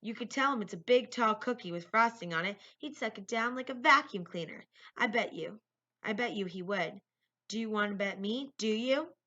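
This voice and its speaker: A woman's voice: medium pitch, normal speed. A woman doing a hyper, rambling schoolboy. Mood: insistent. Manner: rambling, excitable. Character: goofy boy classmate, hyper and food-crazy. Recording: lo-fi recording.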